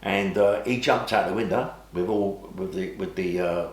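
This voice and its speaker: A man's voice: sits low, moderate pace. An older man, telling his stories as an interview guest in a rambling way, repeating and restarting phrases. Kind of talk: casual storytelling. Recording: roomy echo.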